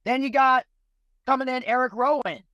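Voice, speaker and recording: A man's voice: very high voice, moderate pace, no echo, highs cut off. A man co-hosting a podcast, making emphatic points and posing rhetorical questions in casual discussion. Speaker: podcast co-host.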